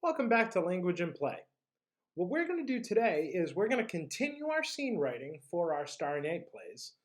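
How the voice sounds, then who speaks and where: A teacher leading a drama class through vocal warm-ups and tongue twisters. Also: mid-range voice, sing-song, moderate pace.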